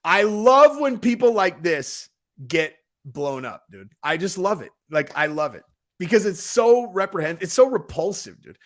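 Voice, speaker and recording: A man hosting a casual reaction show, talking in a rambling, animated way and saying "dude" often. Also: sits high, measured pace. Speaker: host reacting to a video.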